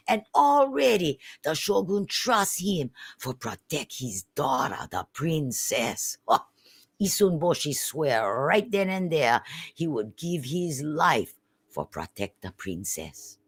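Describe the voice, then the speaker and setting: A woman with a Hawaiian Pidgin accent tells a folk tale in a low, slow voice. Her pitch swings widely and animatedly. The sound is dry and close. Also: breathy edge, no echo. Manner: animated, chatty asides with tag questions. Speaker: storyteller. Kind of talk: lively folk-tale storytelling.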